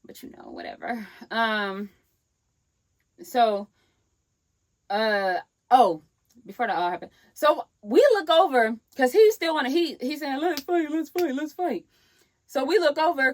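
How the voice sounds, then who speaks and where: Young woman vlogger, animated storyteller who acts out quotes; dry, close recording. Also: medium pitch, no room sound. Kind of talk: storytime vlog.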